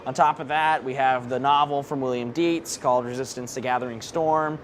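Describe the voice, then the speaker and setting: A man's voice: mid-range voice, fairly even intonation, brisk, slight background noise. A man hosting a podcast in a casual promotional chat, rattling off lists of features at an indoor launch event. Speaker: podcast host.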